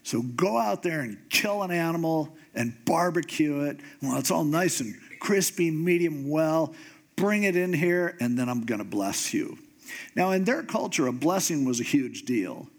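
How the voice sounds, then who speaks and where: A man with a slightly high voice preaches a sermon in a lively storytelling way. He acts out the people in his story with comic pitch jumps. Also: a little slow, vocal fry. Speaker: pastor.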